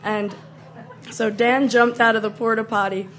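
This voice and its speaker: A woman with a fairly high voice tells a comic story in an animated way, breaking into shrieks and mock voices as she acts out the scenes. The recording has a clear layer of background noise behind her. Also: a little slow.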